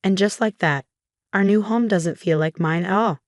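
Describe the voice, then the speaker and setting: A woman telling a first-person story in plain, steady narration. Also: medium pitch, moderate pace, no room sound, studio quality.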